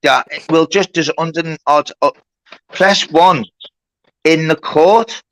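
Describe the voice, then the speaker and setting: A man's voice: fairly high pitch, slow pace, fairly bright tone, no echo, rough recording. A man hosting a mock court on a live stream, laying down rules and swearing at people who interrupt. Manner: bossy, sweary, keeps order. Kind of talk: casual live-stream moderation.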